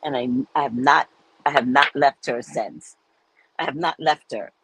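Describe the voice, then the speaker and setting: A woman hosting a show, telling a story in a casual, animated way and acting out the people in it. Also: a bass voice, moderate pace, background noise. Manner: animated, acts out quoted voices, laughs often. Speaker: podcast host.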